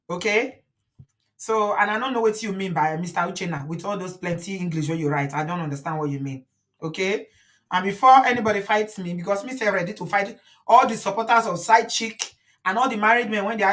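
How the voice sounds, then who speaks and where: A Nigerian woman in her forties is hosting her own commentary show. She speaks in a middle pitch and talks outspokenly and emphatically, and she slips into Pidgin as she goes. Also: a bit bright. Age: 40s. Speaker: commentary host. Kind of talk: opinionated commentary.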